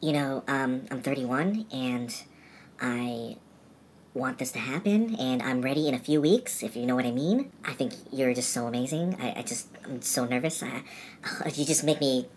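A woman co-host voicing a nervous, lovestruck male contestant in his thirties, speaking in halting, bashful bursts. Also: fairly low pitch, a little hiss or hum, natural voice. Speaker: podcast co-host.

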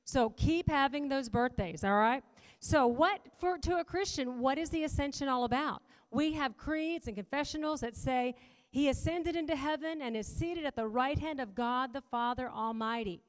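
A woman's voice: high-pitched, normal speed. Chatty woman speaking in a church hall. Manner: chatty and joking with the audience. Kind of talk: casual church talk. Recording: live in a reverberant church hall.

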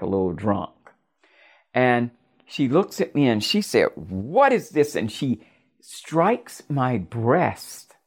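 An older woman from Florida narrating a personal story in a halting, intimate way. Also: extremely low pitch, darkish tone. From Florida, USA.

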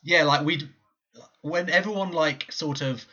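A man's voice: on the high side, measured pace, bright, forceful tone, lo-fi sound. A man co-hosting a wrestling podcast, rambling and swearing with lots of fillers. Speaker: podcast co-host. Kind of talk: casual podcast chat.

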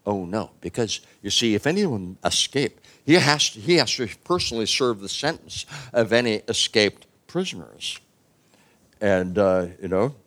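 A man's voice: on the low side, fairly bright tone. A man preaching a sermon, retelling a story in a casual, humorous way with many fillers.

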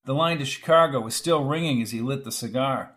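A man narrating a scripted story in a measured, dramatic way. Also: mid-range voice, a bit bright.

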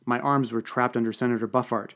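Speaking quickly in a mid-range voice, a man delivers a first-person comic tale for an audiobook podcast, keeping his tone dry and deadpan.

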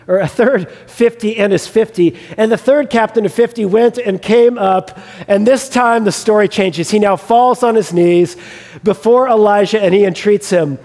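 Male preacher who acts out scripture stories, with a high voice and long hall reverb. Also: normal speed. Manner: animated storytelling, acting out the characters. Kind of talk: sermon retelling a scripture story.

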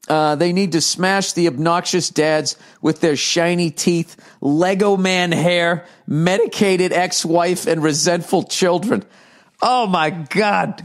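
Guy doing a comedy podcast rant, swears a lot, kinda high voice, american. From United States. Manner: profane, riffing, reads aloud mockingly. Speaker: podcast host.

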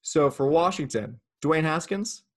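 A man with a gravelly, fry-heavy voice leads a casual fantasy football chat. He is playful and teasing as he works through the list of players. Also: on the high side, expressive, unhurried. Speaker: podcast host.

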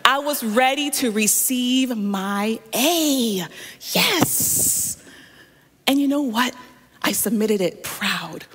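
A woman's voice: a little high, takes it slowly, fairly bright tone, husky, big-room sound. A woman pastor preaching a sermon, telling a personal story and often speaking straight to her listeners.

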